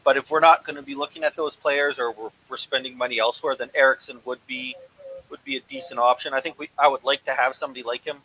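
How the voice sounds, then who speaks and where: A man from Canada in casual chat, measured and thoughtful. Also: mid-range voice, steady tone, sharp tone, slight background noise, poor audio.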